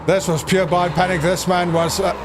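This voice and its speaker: A man giving jokey, excitable live commentary on a sim race, breaking into shouts at crashes. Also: high voice, normal speed, background noise.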